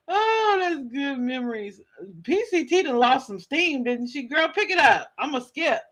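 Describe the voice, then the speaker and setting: A woman's voice: high-pitched, lively intonation, slow, pauses often, a bit bright, rough recording. A woman hosting a livestream, chatting with viewers and reacting with dramatic, playful commentary. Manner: chatty, dramatic, laughing asides to chat. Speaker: livestream host reacting to a clip. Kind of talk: casual commentary.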